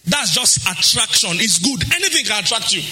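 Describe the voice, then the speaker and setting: A Nigerian man preaching a sermon on relationships, in a sing-song style that breaks into acted quotes and bursts of shouting. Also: sits high, big pitch swings, a little fast, faint music behind. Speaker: pastor.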